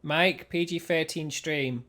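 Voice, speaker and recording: A man's voice: fairly high pitch, steady tone, slow pace, sharp tone. A man chatting casually on a live stream as he reacts to clips, teasing and giggly.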